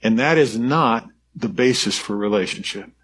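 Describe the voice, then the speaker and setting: Speaking at a moderate pace in a medium-pitched voice, a male pastor gives a heartfelt, conversational sermon marked by frequent restarts and gentle laughter.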